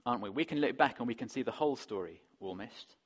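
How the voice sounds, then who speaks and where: A man's voice: medium pitch, expressive, fast, husky. A man preaching a sermon in a conversational way, often putting rhetorical questions to the congregation, on a dull lo-fi recording. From England.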